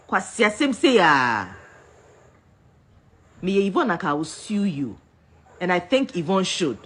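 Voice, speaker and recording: A woman's voice: lowish voice, slight background noise. A Ghanaian woman in a heated rant, scolding and repeating herself as she switches between English and Twi. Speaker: vlogger.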